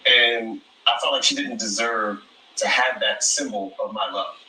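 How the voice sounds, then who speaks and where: A man answering questions at a reunion, measured and defensive, heard from a distance in an echoey space. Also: on the low side, sharp tone, slight background noise. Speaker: reality show contestant.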